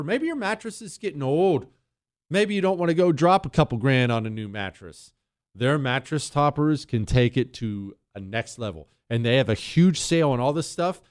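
A man hosting a talk radio show, talking in an animated, emphatic and jokey way, moving between rants and ad reads. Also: medium pitch.

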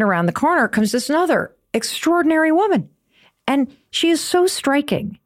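A middle-aged woman opens her podcast with a story. She talks in an animated, gushing way and acts out the quoted lines with gasps. Her pitch sits in the middle of the range and stays mostly steady. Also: a little fast. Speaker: podcast host.

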